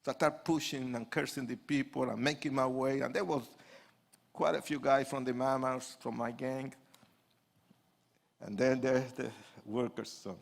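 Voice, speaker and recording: A man, an evangelist, telling his life story as a testimony sermon to an audience, with animated swings from hushed asides to loud outbursts. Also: mid-range voice, moderate pace, gravelly.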